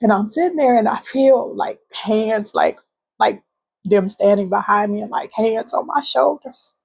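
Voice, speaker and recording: A spiritual channel host records a heartfelt vlog testimony in her bedroom, pausing and hesitating, using fillers, and dropping at times into a soft whisper. Her creaky, husky voice sits on the high side.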